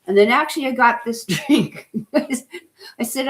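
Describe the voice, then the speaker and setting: A woman's voice: on the high side, expressive, takes it slowly, fairly bright tone, slight background noise. A middle-aged woman hosting a casual wellness talk, chatty and enthusiastic, rambling with lots of "you know" and "right?". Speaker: host.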